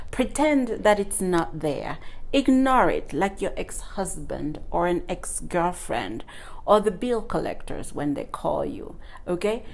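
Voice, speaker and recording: A woman gives a French lesson to learners, speaking slowly and with patience. She repeats each sound many times to demonstrate it, and her voice sits a bit low. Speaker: French teacher. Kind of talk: online language lesson.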